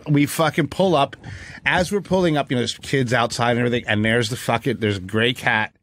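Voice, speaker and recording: A man's voice: medium pitch, a little fast, a bit bright. A man, a cook and guest, telling a story in heated, profane casual chat.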